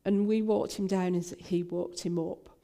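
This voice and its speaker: A woman's voice: fairly low pitch, steady tone, moderate pace, creaky, warm tone. An older woman minister, telling a personal story in a talk, with frequent fillers and restarts.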